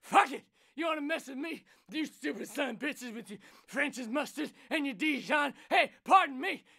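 Cast: man playing loud crude president, high, gravelly, wildly bouncing pitch. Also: lively intonation, normal speed, heavily acted. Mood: crude taunting. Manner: boastful, crude, shouting rants with laughing breaks. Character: brash loudmouth man playing a cyclist president. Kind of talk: improvised voice acting for a cartoon.

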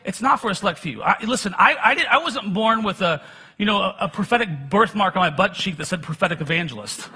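A man's voice: high voice, expressive, fast, pushed and bright, breathy edge. A middle-aged man preaching a sermon, telling personal stories in a conversational way with self-deprecating humor.

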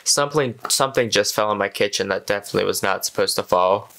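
A man's voice: on the low side, quick pace, creaky, sharp tone, low-quality recording. A man hosting a reaction video, chatting casually and exclaiming at what he watches.

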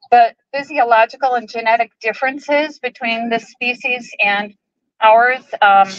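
A woman with a fairly high voice addresses a rally outdoors, emotional and halting, pausing often with ums. The sound is dry and a bit dull, like a live stream. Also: a bit bright, no room sound. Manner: emotional, halting, many ums, tearful at times. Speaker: animal rights group president speaking at a rally. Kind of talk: public speech at an outdoor protest. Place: outdoor protest march.

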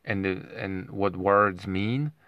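A man's voice: low-pitched, steady tone, slow, no room sound, dull audio. A man talking in a rambling monologue at home, often tagging his points with a questioning aside. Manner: rambling, keeps asking "right?". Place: home with dogs nearby.

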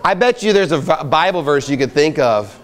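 The pastor's pitch sits fairly high and his intonation is lively as he moves along at a fairly quick clip. Delivering his fiery sermon to the church camping group outdoors, he grows emphatic and builds to loud exhortation.

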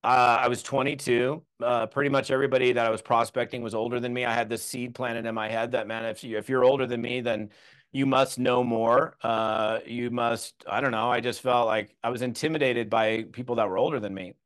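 A man in his thirties leads a live training session, talking loosely and conversationally. He pads his sentences with fillers, restarts his thoughts, and tells self-deprecating stories. His voice sits at a middling pitch. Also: fairly even intonation, a little fast, a bit bright, smooth. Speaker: network marketing trainer. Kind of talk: live training talk to a group.

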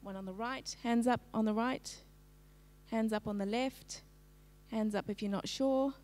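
A middle-aged woman giving a lively, engaging literacy presentation to parents, asking her audience for a show of hands. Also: a little high, measured pace. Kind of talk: live-streamed talk to parents.

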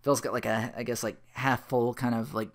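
A man casually retelling a film scene by scene, rambling with lots of "like" and quick laughs. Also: medium pitch, flat delivery. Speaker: channel host retelling a film.

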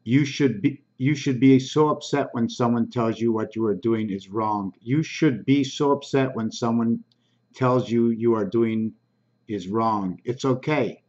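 A man hosting his own channel, slowly reading comments aloud in a halting, casual way with frequent ums. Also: mid-range voice, darkish tone, lo-fi sound.

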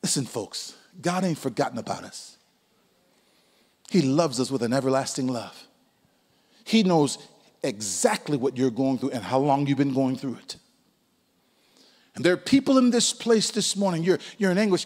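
A pastor in his sixties preaching a sermon, swinging between loud calls and hushed asides. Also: on the high side, big pitch swings, normal speed, pauses often, big-room sound. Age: 60s. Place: church sanctuary.

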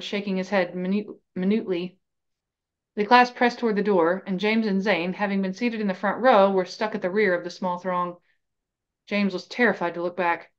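A woman's voice: medium pitch, clear, resonant tone. Woman reading a story aloud, lo-fi. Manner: measured, expressive reading. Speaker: podcast host reading aloud. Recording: slightly dull lo-fi recording.

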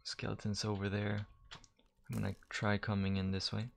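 A man's voice: lowish voice, completely flat delivery, moderate pace, gravelly, a little hiss or hum. A man giving casual, chatty let's-play commentary while he games, joking at himself and swearing when startled. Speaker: gamer. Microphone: desk mic, gamer wearing headphones.

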